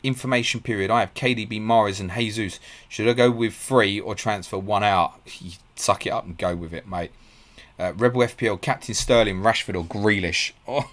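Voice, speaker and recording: A man hosting a live stream, reading out viewer questions and answering them quickly and bluntly. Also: on the low side, fairly bright tone. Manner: fast, blunt and matey, calls viewers mate. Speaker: podcast host.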